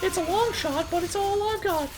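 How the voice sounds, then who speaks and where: Comic reading: a dramatic elf captive in a shrill falsetto, put on by a man. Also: moderate pace, loud music behind the voice. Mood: scheming. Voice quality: high falsetto. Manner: melodramatic, shrill. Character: captive horned elf woman, defiant and dramatic.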